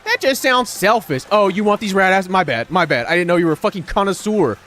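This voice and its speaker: A man with a high voice streams a game live. He rambles to his viewers, swearing freely and dripping with sarcasm. Faint music plays behind him. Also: expressive, fast talker, fairly bright tone. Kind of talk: live-stream commentary while gaming.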